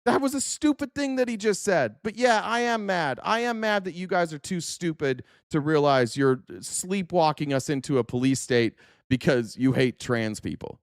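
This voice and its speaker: This man hosts a podcast and goes off in a furious, profane political rant, insulting the clips he reacts to. His notably high voice has lively intonation at normal speed. The sound is dry and close, with no room sound at all.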